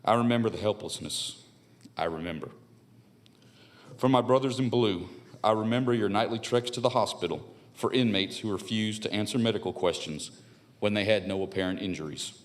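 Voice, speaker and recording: An older man with a slightly low voice reads a prepared statement into a podium microphone. He is earnest and measured, coming back again and again to a solemn refrain. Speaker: public commenter. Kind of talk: reading a prepared public statement. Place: county board meeting room at a podium.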